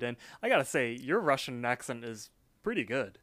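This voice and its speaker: A man's voice: mid-range voice, expressive, moderate pace, fairly bright tone, dry recording. A man co-hosting a podcast, retelling an episode in rambling casual chat with lots of fillers. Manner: rambling, filler-heavy narration. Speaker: podcast co-host.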